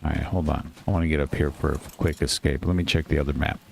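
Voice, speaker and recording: A man commentating casually over his own gameplay, muttering to himself and quick to get frustrated and swear. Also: a bass voice, steady tone, gravelly, darkish tone, a little hiss or hum. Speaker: gaming channel host.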